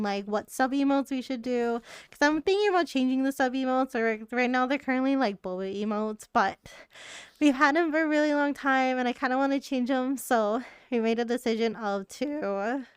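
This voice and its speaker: A woman's voice: on the high side, smooth, no echo, clean studio sound. A woman streamer in rambling, casual live-stream chat with her viewers, laughing often.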